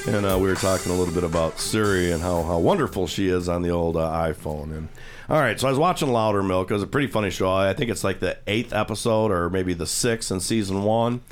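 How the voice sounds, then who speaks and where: Rambling male radio host, low voice. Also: fast talker, faint music behind. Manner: rambling storyteller, acts out quoted voices. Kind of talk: casual studio chat, retelling a TV scene. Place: radio studio. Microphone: studio microphone.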